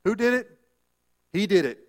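A man preaching with a high, light voice. He leans on repeated lines and rhetorical questions, calling out to the congregation for an "Amen". His delivery is emphatic and insistent. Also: sing-song, normal speed. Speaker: pastor. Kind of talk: sermon.

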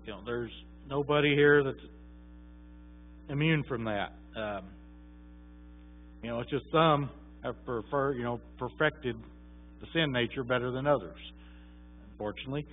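A man's voice: mid-range voice, moderate pace, long pauses. A man preaching a sermon, telling a story in a folksy, conversational way with many fillers. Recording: tinny phone-like sound.

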